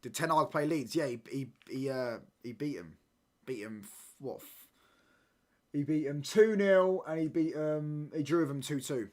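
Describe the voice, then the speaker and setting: A man's voice: on the high side, moderate pace, darkish tone. Young man, football watchalong streamer, casual chatty talk, keeps checking you follow. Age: 20s. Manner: chatty, keeps asking "do you get what I'm saying?". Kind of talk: casual live-stream chat.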